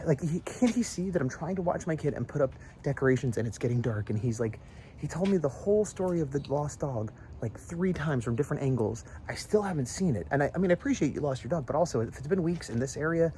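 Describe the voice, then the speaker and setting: A man talks fast and rambles in a casual vlog, his pitch jumping around as he tells stories. He is outdoors by a house at dusk with faint ambience behind him. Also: a little hiss or hum. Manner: rambling, animated storytelling with mimicked voices. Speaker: vlogger.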